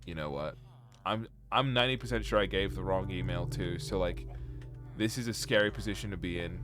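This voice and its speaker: A man's voice: sits low, a little fast, music in the background. A young man live-streaming from home, chatting casually with his viewers, rambling and joking as he reads their comments.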